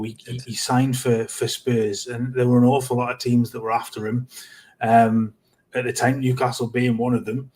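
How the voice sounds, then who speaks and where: A middle-aged man co-hosting a casual football podcast, talking earnestly with many halting repeats. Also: medium pitch, darkish tone. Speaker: podcast co-host.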